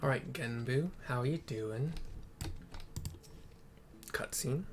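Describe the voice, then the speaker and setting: A man's voice: mid-range voice, slow, noisy background. A man casually narrating and describing a game playthrough for listeners who cannot see it, swearing now and then. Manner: casual, swears, thinks aloud. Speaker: game narrator for visually impaired viewers.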